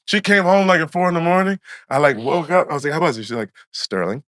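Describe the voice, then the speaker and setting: Man, forties, podcast co-host, lively storyteller, dry close sound. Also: a little high, fast talker, no echo. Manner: animated storyteller, acts out quotes. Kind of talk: casual chat.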